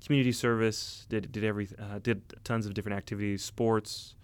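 A man in his thirties, telling his story as an interview guest in earnest, halting casual talk with many fillers. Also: fairly low pitch, level tone, clean tone. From United States. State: emotional, near tears. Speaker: interview guest, Army officer. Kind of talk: casual conversation.

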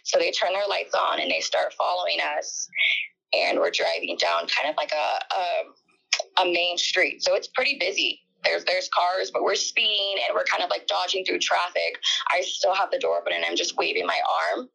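A woman in an interview, recounting a personal ordeal in a halting, emotional way with many fillers. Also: fairly low pitch, creaky, bright, forceful tone, slightly rough, low-quality recording.

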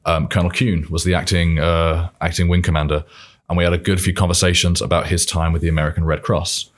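A man's voice: sits low, little pitch movement, fast talker. A young British man chatting casually as a podcast guest, rambling and laughing as he goes. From Britain. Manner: rambling, self-correcting, laughs often. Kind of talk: casual chat.

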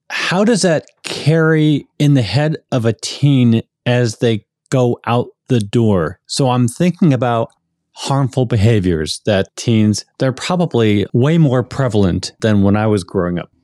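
A man hosts a podcast and asks his questions in a measured, thoughtful way. His voice sits in a middle register, recorded dry and close. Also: medium pitch, animated, darkish tone, dry recording. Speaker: podcast host.

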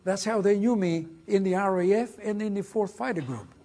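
An older man with a Greek accent recounts his wartime escape in a lecture hall. His husky voice sits a little high, and he tells the story with drama and energy, acting out the lines of the people he quotes. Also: moderate pace, mellow. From Greece. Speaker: guest speaker.

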